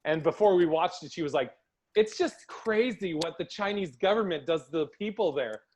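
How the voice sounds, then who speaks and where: Male podcast host, higher-pitched, casual storyteller who acts out quotes. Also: lively intonation, normal speed, a little mellow, a little hiss or hum.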